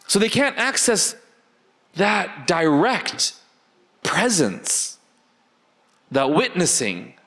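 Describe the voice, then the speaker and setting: A man speaks to a class in a casual, conversational tone. He keeps checking in with his listeners through rhetorical questions. His voice sits fairly high and swings widely in pitch. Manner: animated, rhetorical questions to the audience. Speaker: teacher. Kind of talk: conversational religious class talk.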